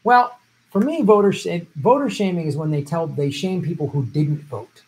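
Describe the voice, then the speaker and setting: A man with a slightly raised pitch hosts a live stream, talking loosely and bluntly. He gives running commentary full of strong opinions and profanity, in an offhand, unscripted way. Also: moderate pace, darkish tone, low-quality recording. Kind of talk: live election-night commentary.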